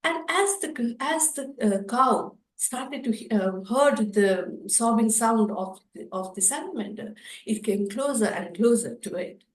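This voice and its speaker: A woman telling a children's animal story to an audience, with a fairly high voice. Her telling is expressive and repetitive, with a few fillers. The sound is echoey, as in a hall. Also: measured pace. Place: storytelling festival session.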